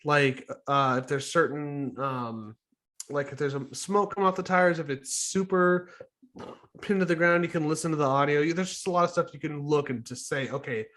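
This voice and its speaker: Man, podcast co-host, casual chat, rambling, filler-heavy, slightly high voice. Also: steady tone, a bit bright. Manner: rambling, halting, lots of fillers.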